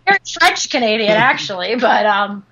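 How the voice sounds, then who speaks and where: A woman's voice: medium pitch, lively intonation, moderate pace, bright, forceful tone. A woman in her thirties co-hosting a podcast, talking casually with many fillers and some teasing and swearing. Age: 30s. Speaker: podcast co-host. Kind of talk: casual chat. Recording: dull lo-fi sound.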